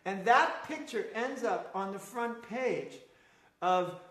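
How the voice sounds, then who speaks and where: A man's voice: high-pitched, slow pace. A man reminiscing in casual conversation, acting out the dialogue and laughing often as he tells his story. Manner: animated, acts out quoted dialogue, laughs often. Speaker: storyteller recalling past travels. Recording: roomy echoey room.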